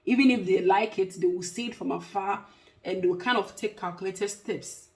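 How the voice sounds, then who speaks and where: Woman, 30s, casual to-camera vlogger, mid pitch, emphatic and repetitive delivery. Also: moderate pace. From Africa. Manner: emphatic, repeats points for stress. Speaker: vlogger and care worker.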